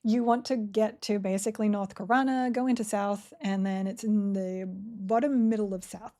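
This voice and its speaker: A woman's voice: medium pitch, steady tone, moderate pace, dark tone. A woman live-streaming a game, chatting cheerfully and answering questions from chat as she plays. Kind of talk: casual live-stream chat while playing.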